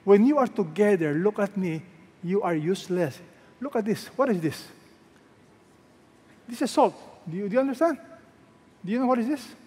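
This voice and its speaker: A man's high, lively voice, a little mellow with a breathy edge, comes at normal speed with frequent pauses. He's a Filipino-accented pastor preaching emphatically in a large church hall, repeating phrases and firing rhetorical questions at the congregation, heard with long hall reverb.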